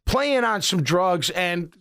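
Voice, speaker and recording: A middle-aged man from Illinois, a sports radio host, telling rambling, animated stories with many restarts in casual talk. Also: high-pitched, takes it slowly.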